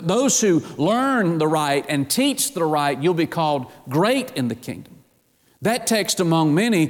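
Emphatic male preacher in a reverberant hall. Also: a little high. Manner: emphatic, rhetorical questions to the congregation. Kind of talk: sermon.

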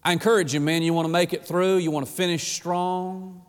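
Preacher, male, high voice, dynamic delivery dropping to a hush, long hall reverb. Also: steady tone, a little fast, clean tone. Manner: dynamic preaching with sudden drops to a low hush. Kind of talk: sermon.

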